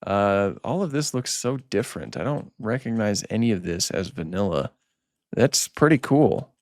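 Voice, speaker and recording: A man's voice: lowish voice, sing-song, normal speed, a little mellow, no echo, clean studio sound. A man hosting a gaming channel, chatting casually as he plays and repeating himself when startled. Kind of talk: casual let's-play commentary.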